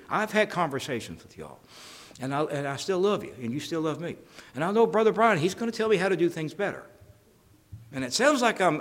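A man's voice: fairly high pitch, big-room sound. A man preaching a sermon as pastor, folksy and jokey, acting out conversations as he goes.

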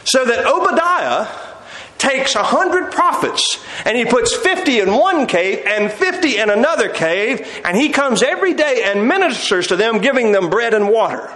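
A man's voice: very high voice, big pitch swings, moderate pace, pushed and bright. A man preaching a sermon, telling the story with animation and acting out the quotes. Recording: echoey room.

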